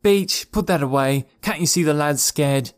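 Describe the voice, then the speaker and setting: A man raising his voice to play a gentle, kind young woman in a storybook reading. She reassures softly but stands firm, with a dry, close recording. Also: fairly high pitch, normal speed, clear, resonant tone, dry recording, voice pushed up, lightly acted. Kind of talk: audiobook character voice.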